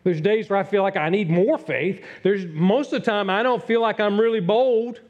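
A middle-aged pastor delivers an earnest sermon, his voice sitting a bit high for a man. He swings between hushed, confiding passages and louder pushes. The recording is dull and lo-fi. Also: normal speed. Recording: dull lo-fi sound.

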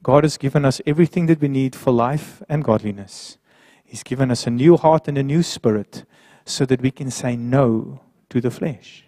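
A man preaching a sermon who swings between quiet, low passages and raised, emphatic ones. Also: normal speed, dry recording, studio quality.

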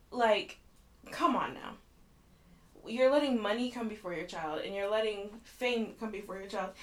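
A young woman co-hosting a podcast in casual chat, blunt and outspoken, swearing freely. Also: mid-range voice. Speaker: podcast co-host.

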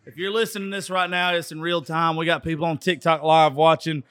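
A man's voice: on the high side, steady tone, fairly quick, a bit bright, smooth, no room sound. A tipsy man from Georgia with a Southern accent, hosting a rowdy, profane live sports call-in style show. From Georgia, USA. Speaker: radio show host. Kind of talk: drunk live sports commentary.

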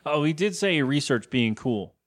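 A young man co-hosts a podcast, and his fairly high, animated voice moves at a normal speed. In a casual chat he rambles through a recap of a TV episode, acting out the characters' lines in put-on voices.

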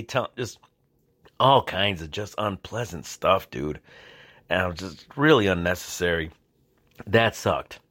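A man's voice: fairly low pitch, a bit bright. A man hosting a podcast, telling stories in a casual, rambling way with many restarts. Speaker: podcast host. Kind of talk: casual storytelling monologue.

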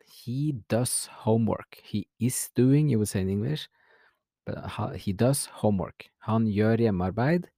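A man teaching a language lesson, modelling example sentences slowly and clearly. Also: on the low side, warm tone, no echo, clean studio sound.

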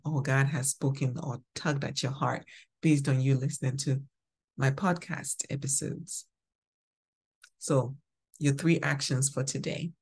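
A woman's voice: extremely low pitch, husky. A woman hosting a devotional podcast, teaching scripture in an emphatic, preacherly way. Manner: slow, emphatic, preacherly, stresses single words. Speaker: podcast host.

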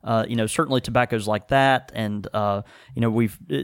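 A man's voice: on the low side, fairly even intonation, fairly quick, clear, resonant tone, dry recording, studio quality. A man hosting a casual podcast about pipe tobacco, rambling with many fillers and laughing easily. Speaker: podcast host. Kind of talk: casual chat.

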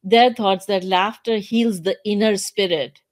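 A woman's voice: medium pitch, fairly even intonation, a little slow, dry recording. Woman host, casual chat, hesitant with fillers, dry close sound. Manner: hesitant, with many fillers and restarts.

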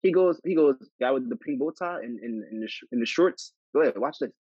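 A man hosting a podcast, telling stories with animated acted-out dialogue. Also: mid-range voice, brisk, breathy edge, dry recording, dull audio. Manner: animated storyteller, acts out dialogue. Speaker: podcast host. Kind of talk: casual chat.

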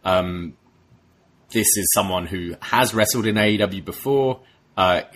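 A man with a husky voice co-hosting a podcast, chatting casually in a dry, matter-of-fact way. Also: sits low, measured pace, a bit bright. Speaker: podcast co-host. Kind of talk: casual wrestling recap chat.

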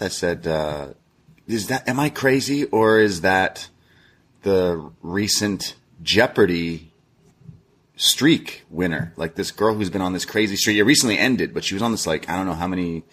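A man's voice: deep voice, moderate pace, fairly bright tone. A man co-hosting a podcast, telling a long story in casual chat, swearing often and laughing at himself. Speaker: podcast co-host.

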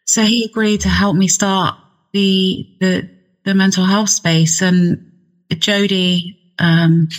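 A woman's voice: mid-range voice, little pitch movement, slow, low-quality recording. An English woman, a singer and mental health nurse, chatting as a podcast guest and laughing easily. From England. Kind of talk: casual interview chat.

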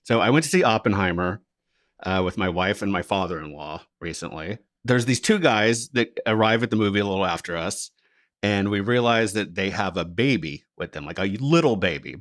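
A man telling a story as a podcast co-host in casual chat, laughing often and animated. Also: fairly low pitch, fairly quick, no echo, studio quality.

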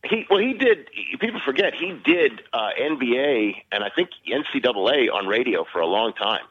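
A man's voice: medium pitch, lively intonation, normal speed, husky, phone-quality sound. A male sports broadcaster, a guest, chatting casually and animatedly with frequent chuckles.

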